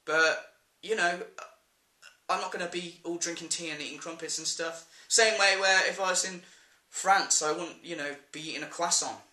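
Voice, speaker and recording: An English man ranting to camera in a blunt, sweary, exasperated way. His voice is very bright and a touch high, and the room around him rings with echo. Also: steady tone, normal speed. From England. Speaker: vlogger. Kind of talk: ranting vlog.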